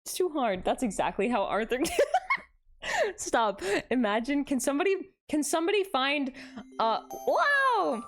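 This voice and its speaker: Young woman, high lively voice, bubbly live-stream chat, gasping greetings. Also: a little slow, faint music behind. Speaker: VTuber streamer.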